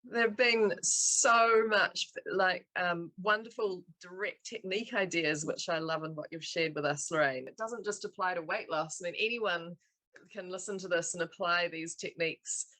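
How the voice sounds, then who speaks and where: A woman's voice: lowish voice, moderate pace, dry recording, low-quality recording. A woman co-host and therapist in a casual interview, affirming her guest and asking questions. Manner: warm affirming, frequent "mm".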